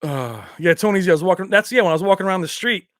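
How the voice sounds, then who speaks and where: A man hosting a late-night tech livestream from his house, loose and rambling after a few drinks. He laughs often and drifts off-topic while reading the chat. His voice sits slightly high and sounds close and dry. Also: animated, rapid-fire, fairly bright tone, no room sound. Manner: laughs often, slips into movie impressions. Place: his own home.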